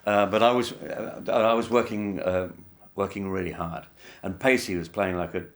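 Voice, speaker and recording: Man with a really deep voice telling old stories in an interview, dry humor, lots of uhs. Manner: measured, wry storytelling with many fillers. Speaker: interviewee, musician. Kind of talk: anecdotal documentary interview.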